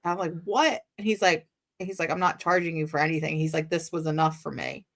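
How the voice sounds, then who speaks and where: A woman speaking as a guest on a live-streamed interview over a video call. Her voice sits a little low for a woman, and she tells her stories with excitable energy, acting out what everyone said. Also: fairly quick. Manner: animated, excitable storyteller acting out dialogue.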